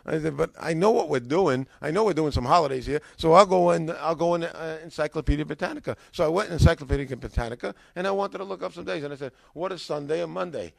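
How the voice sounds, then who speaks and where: A man's voice: on the high side, fast, gravelly, few pauses, dry recording. An older man with an American accent, a former pastor, casually telling his story and acting out the dialogue with a rising voice. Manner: animated, acts out dialogue with rising voice.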